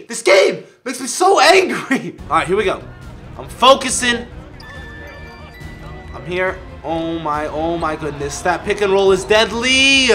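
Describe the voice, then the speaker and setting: A man giving live commentary over a basketball video game, excitable, shouting at his players and laughing often. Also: high voice. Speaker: gaming YouTuber.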